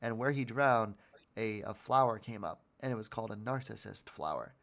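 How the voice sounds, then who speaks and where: Gravelly-voiced guy hosting a podcast, earnest, stumbles and repeats himself, swears a bit. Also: fairly low pitch, normal speed, a bit bright. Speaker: podcast host. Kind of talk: casual motivational chat.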